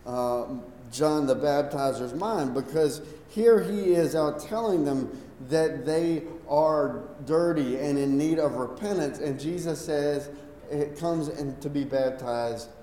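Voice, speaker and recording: Man, pastor, conversational sermon, unhurried, roomy echo, faint ambience. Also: a little high, dark tone, slight background noise. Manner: conversational storytelling preacher. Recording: echoey hall from far off.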